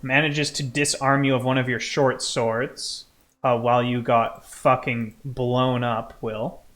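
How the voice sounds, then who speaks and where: A man runs an online tabletop game as its game master. He narrates in a measured, unhurried way. His voice sits at an ordinary middle pitch. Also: flat delivery, a bit bright.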